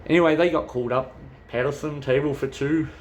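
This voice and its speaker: A man's voice: a little high, steady tone, brisk, a little hiss or hum. A man chatting casually as a travel vlogger, rambling and swearing freely. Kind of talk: casual chat.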